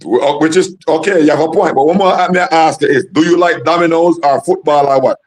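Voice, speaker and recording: A man's voice: a little high, a little fast, low-quality recording. A man with a Jamaican accent hosting a casual call-in livestream, talking in repeated, stumbling starts. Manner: repetitive, stammering, laughs often. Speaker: livestream host.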